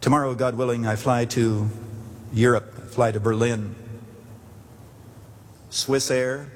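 A man's voice: mid-range voice, fairly even intonation, measured pace. A man preaching a sermon from the pulpit, earnest and storytelling, rising to emphatic questions. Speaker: pastor. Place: church sanctuary pulpit. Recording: long hall reverb.

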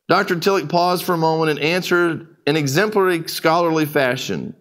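A man's voice: high-pitched, moderate pace, hardly any pauses, fairly bright tone. A man preaching a sermon in a folksy, conversational way, telling stories to his listeners. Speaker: pastor. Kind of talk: sermon storytelling.

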